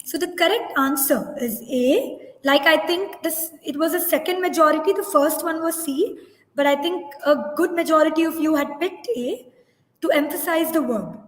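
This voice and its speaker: A woman's voice: high voice, normal speed. A woman presenting a teachers' webinar, reading out live poll results and explaining answers step by step, often correcting herself mid-sentence. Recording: echoey room with long reverb.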